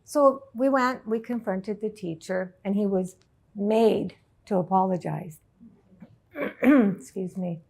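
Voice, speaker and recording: A middle-aged woman, a life coach, telling a personal story to an audience in an emotional, halting way. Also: medium pitch, creaky, darkish tone. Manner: emotional, halting, tearful at times.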